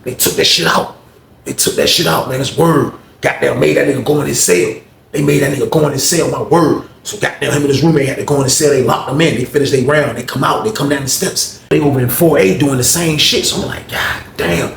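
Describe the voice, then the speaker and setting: Animated gravelly man telling a story. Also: a little high, quick pace, a little hiss or hum. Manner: animated, profane, acts out voices. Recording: echoey room.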